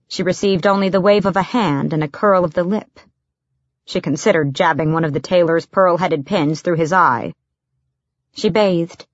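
A woman narrating an audiobook in a steady, even reading voice. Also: on the low side, no echo, lo-fi sound.

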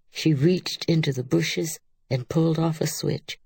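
A woman narrating a literary audiobook in a measured, unhurried reading. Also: low voice, steady tone, gravelly, darkish tone, husky, no room sound.

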